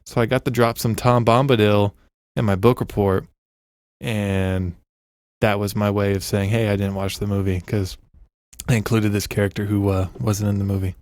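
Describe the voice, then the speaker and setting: A man's voice: lowish voice, fairly even intonation, normal speed, a little mellow, dry recording. A man co-hosting a casual podcast, joking and rambling with lots of fillers, on a studio mic with headphones. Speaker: podcast co-host. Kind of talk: casual chat.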